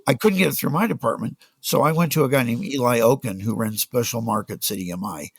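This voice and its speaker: Gravelly older man telling business stories. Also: medium pitch, fast, no room sound. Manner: animated anecdotes, acts out quoted voices. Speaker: podcast guest, music business executive. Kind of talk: storytelling in a casual interview.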